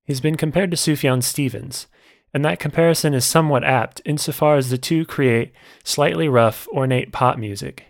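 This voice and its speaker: A man narrating a scripted music album review in a measured, descriptive way. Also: fairly high pitch, vocal fry, no room sound, studio quality.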